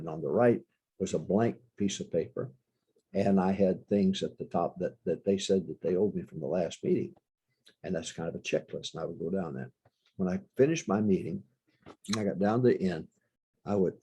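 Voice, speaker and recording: A man's voice: sits low, vocal fry, dark tone, breathy edge. An older man, a pastor, giving a folksy leadership teaching talk and repeating his key points.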